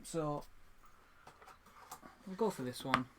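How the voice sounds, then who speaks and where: A man's voice: a little high, slow, noisy background. A man chatting casually with friends as he plays a tabletop wargame, laughing often and talking through his moves. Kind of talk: casual chat while playing a game.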